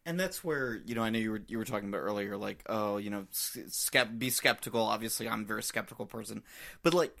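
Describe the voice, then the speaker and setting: A man's voice: on the low side, fast talker, vocal fry, a bit bright. A man co-hosting a podcast, chatting in a wry way, swearing and laughing often. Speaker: podcast co-host. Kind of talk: casual chat.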